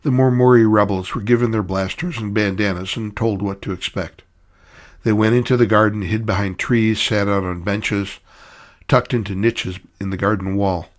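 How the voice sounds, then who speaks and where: A man narrating a short story in a measured storytelling way. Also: lowish voice, steady tone.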